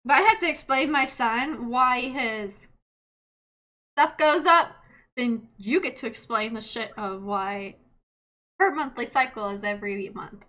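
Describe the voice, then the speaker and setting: A woman in her late twenties, a streamer telling stories in casual chat, animated, laughing often and swearing freely. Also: a little high, measured pace. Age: late 20s.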